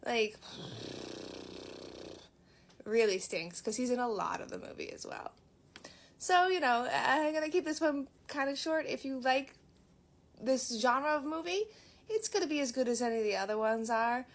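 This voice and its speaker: A woman's voice: sits high, lively intonation, moderate pace, long pauses. A young woman from Massachusetts, chatting casually and self-mockingly as she reviews a movie she turned out to be an extra in. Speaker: movie reviewer and background actor.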